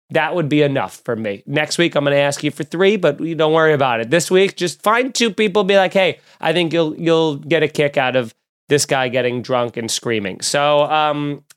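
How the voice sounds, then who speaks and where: A man's voice: a little high, clean tone. Podcast host, male comedian, loose and jokey, clean resonant voice. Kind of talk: casual podcast chat and plugs.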